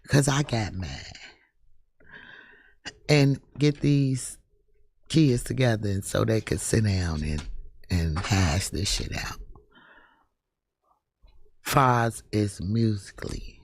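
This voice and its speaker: A man speaking as an interview guest, halting and slangy, recalling his late son. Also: lowish voice, creaky, slightly rough. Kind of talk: emotional interview talk.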